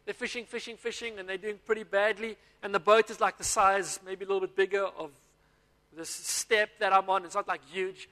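A man's voice: high-pitched, sharp tone. A man preaching a sermon, telling stories and acting out the dialogue. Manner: storytelling with acted-out dialogue. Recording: long hall reverb.

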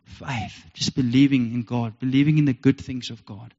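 A man's voice: mid-range voice, steady tone, normal speed, darkish tone. Man, South African accent, pastor, sermon, earnest, repetitive, reverberant hall, muffled lo-fi sound. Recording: dull lo-fi recording with long reverb.

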